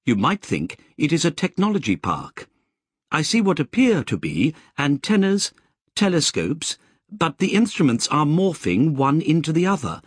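A man voicing a precise, chattering male artificial intelligence with a crisp, eager way of talking. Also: a little high, huge pitch swings, normal speed, no echo, studio quality, pitched above the performer's own voice, exaggerated voice. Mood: clinical.

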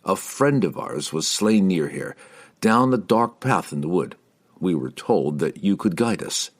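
A guy voicing a calm polite elf warrior, low measured voice, storybook reading. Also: full character voice. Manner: calm, courteous, old-fashioned phrasing.

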